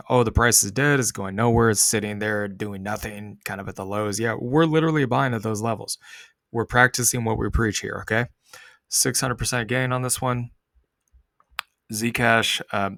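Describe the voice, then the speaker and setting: A man's voice: fairly low pitch, a bit bright, no echo, studio quality. A male host giving casual market commentary over charts, laid-back and slangy with sarcastic asides.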